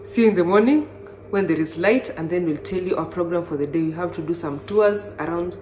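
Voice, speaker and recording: A young Kenyan woman narrating her travel vlog in a chatty, excitable way. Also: on the low side, a little fast. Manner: chatty and excitable, with bursts of exclamation. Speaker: travel vlogger. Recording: echoey room with faint noise.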